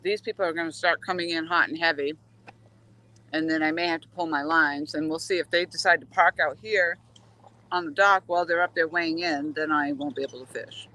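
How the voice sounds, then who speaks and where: A woman's voice: low-pitched, steady tone, fairly quick, bright, forceful tone, rough recording. A woman vlogging outdoors from a waterway dock, chatting casually with live viewers and coaxing the fish aloud as she waits for a bite. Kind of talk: casual live-stream chat.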